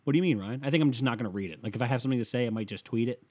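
A man's voice: mid-range voice, rapid-fire, darkish tone, breathy edge. A man hosting a solo podcast, ranting in a rambling, profane way, with a slight lisp on his s sounds. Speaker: podcast host.

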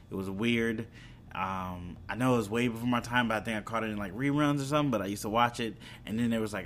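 A young man chats casually to his audience about what's coming out, drifting between thoughts with fillers and false starts. His voice sits at an ordinary middle pitch. A faint low rumble hums behind him. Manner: rambling, chatty, hesitant with fillers and restarts. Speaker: video host. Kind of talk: casual entertainment news chat.

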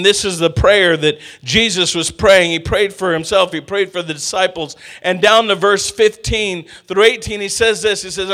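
A middle-aged man preaching a sermon, calling out to the congregation and drawing responses. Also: high-pitched. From Texas. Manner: lively, call-and-response with congregation.

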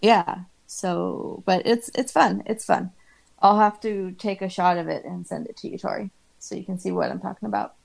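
A middle-aged woman co-hosting a podcast in casual chat, animated and laughing often as she acts out her own reactions. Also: mid-range voice, moderate pace, creaky. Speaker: podcast co-host.

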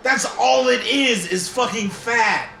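A man's voice: extremely high pitch, takes it slowly, gravelly, bright, forceful tone. A man chatting casually with coworkers, laughing often and chiming in. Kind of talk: casual chat. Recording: echoey room, faint room noise.

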